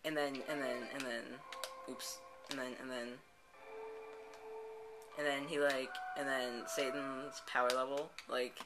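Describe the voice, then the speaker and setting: A man's voice: mid-range voice, little pitch movement, measured pace, long pauses, poor audio. A man, the host of a gameplay channel, improvising a rambling story full of "and then, like" restarts. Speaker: let's play host. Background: background music.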